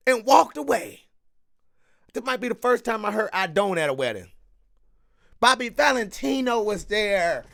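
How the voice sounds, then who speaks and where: High, gravelly, lively man commenting. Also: measured pace. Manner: loud, joking, breaks into laughter and sing-song. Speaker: commentator reacting to a clip. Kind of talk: animated casual commentary.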